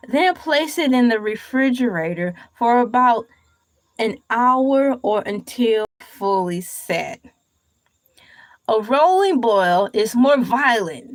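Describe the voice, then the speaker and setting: This livestream host speaks in a fairly high, very animated voice, captured on a dry, poor-quality recording. She slowly reads out a recipe before going off on playful, meandering tangents full of jokey asides.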